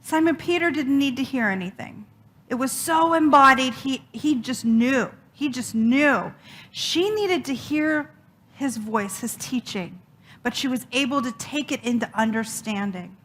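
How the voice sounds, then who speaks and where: High, bright-voiced woman preacher telling a story. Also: a little slow. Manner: dramatic, expressive storytelling with emphatic repeats. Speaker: minister. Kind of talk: sermon storytelling.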